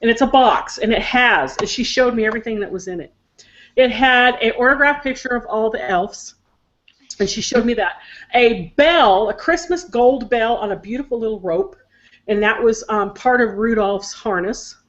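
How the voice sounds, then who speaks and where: A woman's voice: on the high side, moderate pace, a bit bright, muffled recording. An older woman telling a heartfelt family story in casual chat on a video call, emotional and talkative. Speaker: psychic show co-host.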